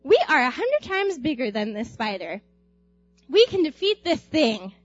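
High-voiced young woman telling an animated story. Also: measured pace, dry recording, lo-fi sound, soft background music. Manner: animated, laughs often, acts out screams. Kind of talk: personal anecdote told aloud.

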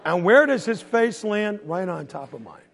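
A man preaching a sermon, telling a story in an animated way, acting out voices and sound effects and laughing often. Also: sits high, moderate pace, creaky, a faint crowd. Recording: long hall reverb.

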